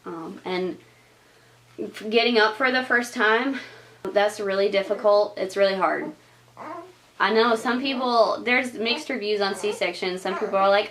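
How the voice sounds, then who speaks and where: A woman's voice: medium pitch, fairly bright tone. A young woman vlogging, talking casually and chattily to camera, laughing often and using lots of filler words. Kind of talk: casual advice chat to camera.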